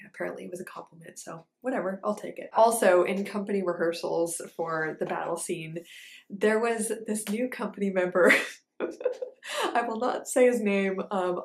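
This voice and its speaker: A woman's voice: medium pitch, moderate pace, vocal fry. Chatty woman in an echoey room. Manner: animated, chatty, lots of fillers. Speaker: ballet dancer and vlogger. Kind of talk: casual storytelling.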